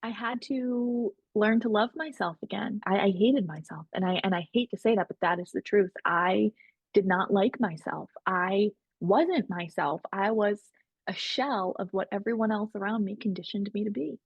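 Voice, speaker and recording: A woman's voice: mid-range voice, normal speed, breathy edge, no room sound, dull audio. A woman guest on a podcast, telling her story candidly and animatedly, acting out what others said. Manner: candid, animated, quotes others in shifting voices. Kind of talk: casual storytelling.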